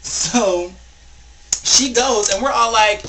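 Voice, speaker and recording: A young man vlogging a rambling, animated story, packed with filler words. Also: fairly high pitch, fairly quick, background noise. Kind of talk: casual storytelling vlog.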